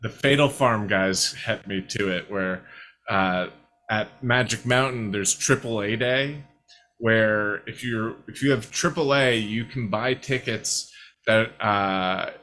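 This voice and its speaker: A man's voice: on the low side, slow, bright, forceful tone. A man co-hosting a podcast, telling a long, rambling story full of fillers in casual chat. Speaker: podcast co-host.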